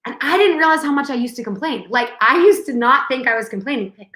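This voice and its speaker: A woman's voice: on the high side, expressive, fast, hardly any pauses, fairly bright tone. A young adult woman co-hosting a casual chat and telling stories, acting out the dialogue as she goes. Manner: chatty storyteller, acts out dialogue. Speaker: co-host. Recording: echoey room.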